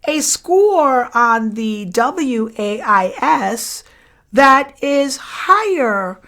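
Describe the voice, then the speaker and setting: A woman psychology lecturer takes her students through exam review at an unhurried pace. Her voice sits a little high, and she says every answer twice. She keeps checking in with "right?" and "okay?" as she goes. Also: big pitch swings, fairly bright tone. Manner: slow, repeats each question and answer, checks in with "okay?" and "right?".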